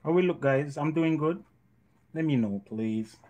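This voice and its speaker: A man's voice: on the high side, unhurried, warm tone, highs cut off. A man with a Jamaican accent co-hosting a live home cooking show, teasing his partner and laughing. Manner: teasing, dry, laughs often. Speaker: co-host. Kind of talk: casual live cooking chat.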